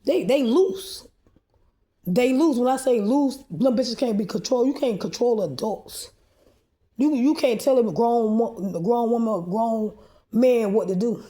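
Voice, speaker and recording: Talking into her own camera at a normal speed, a woman vlogger rants in a rambling, agitated way, confrontational and swearing freely. Her voice is slightly high for a woman but dark and mellow, and she stumbles, restarts and repeats words as she keeps going.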